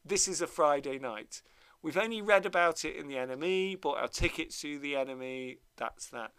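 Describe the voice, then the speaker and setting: Animated man telling stories. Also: fairly high pitch, moderate pace, clean tone. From Devon, England. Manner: animated anecdotal storytelling, self-mocking. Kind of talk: casual storytelling chat.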